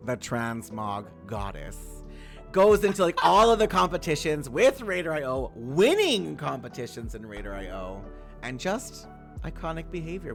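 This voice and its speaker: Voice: medium pitch, fairly bright tone. A bubbly, campy host running a casual round table chat, laughing often.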